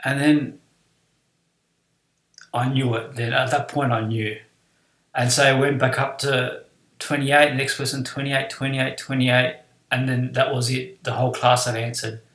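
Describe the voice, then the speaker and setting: A man's voice: medium pitch, little pitch movement, measured pace, long pauses, a bit bright, reverberant, rough recording. A man telling a personal story from his school days, acting out the voices of his teacher and classmates. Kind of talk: personal anecdote.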